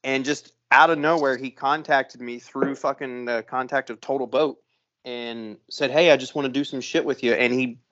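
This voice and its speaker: A mid-pitched man telling a story on a podcast, swearing often and sounding enthusiastic. His delivery is loose and conversational. The recording is somewhat dull and lo-fi. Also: fairly even intonation, moderate pace, a bit bright. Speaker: podcast co-host. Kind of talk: casual chat.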